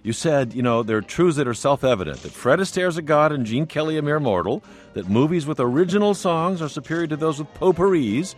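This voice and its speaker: A man hosting a call-in radio discussion, measured and conversational, prompting his guests. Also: a little high, expressive, faint music behind. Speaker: radio talk show host.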